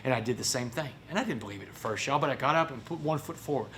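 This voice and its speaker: A Texan man tells a motivational story at a quick clip, animated and folksy as he keeps turning to the audience. His voice sits at an ordinary middle pitch, and there is a faint hiss behind him. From Port Arthur, Texas. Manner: animated, folksy, keeps addressing the crowd as "y'all". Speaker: motivational speaker.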